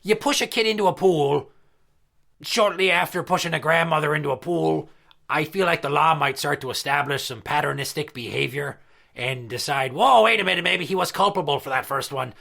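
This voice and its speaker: A crude, boastful pirate entertainer, played by a man, talking in a gravelly, bright voice slightly above the usual male range. He swears freely and spins his stories with swagger. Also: a little high, brisk, full character voice. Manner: crude, profane storytelling. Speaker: regular character. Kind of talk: comedy podcast skit.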